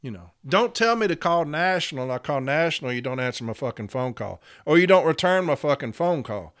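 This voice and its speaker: A man's voice: fairly high pitch, brisk. Profane man telling a blunt story. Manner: profane, blunt and animated, acts out both sides of a confrontation. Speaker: union representative. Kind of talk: storytelling monologue.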